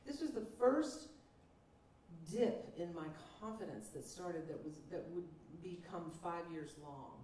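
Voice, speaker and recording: A woman singer-songwriter recounts an old recording session with animated storytelling, slipping into the voices of the people she quotes. Her tone is mellow and dark. She sounds distant from the mic in an echoey room. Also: lowish voice, a little slow, a little hiss or hum. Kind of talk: storytelling in an interview.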